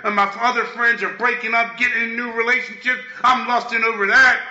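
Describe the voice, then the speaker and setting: A man's voice: extremely high pitch, steady tone, a little fast, sharp tone. A man giving a candid, emphatic personal share at a recovery meeting, often throwing in "man" and "listen". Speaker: speaker sharing at a recovery meeting. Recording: dull lo-fi echoey room.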